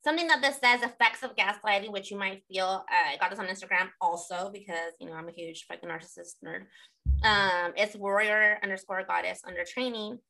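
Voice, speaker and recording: Young woman, podcast co-host, bright, sharp voice, blunt, swears a lot, casual chat. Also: medium pitch, fairly quick, gravelly, low-quality recording. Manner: blunt, profane, filler-heavy.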